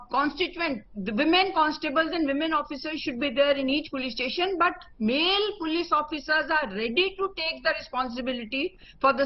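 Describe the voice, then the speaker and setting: A woman police officer argues back firmly and in a measured way on a televised panel. Her voice is high. The broadcast audio is slightly muffled. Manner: firm, defensive, measured. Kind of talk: televised debate.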